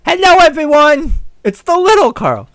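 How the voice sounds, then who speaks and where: A whiny little six-year-old boy as a man puts him on, high-pitched and pleading. The voice is loud and lifted well above a grown man's. It is read in a dry, close room. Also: wildly swooping pitch, moderate pace, dry recording, exaggerated voice. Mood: cheerful.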